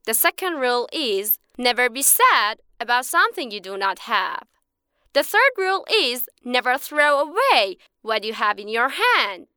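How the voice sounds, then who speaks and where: A woman's voice: fairly high pitch, sing-song, a little slow, sharp tone, smooth, no echo, clean studio sound, heavily acted. A woman voicing a small magical bird that speaks with patient, lecturing wisdom. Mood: earnest. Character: small magical talking bird, wise and calm.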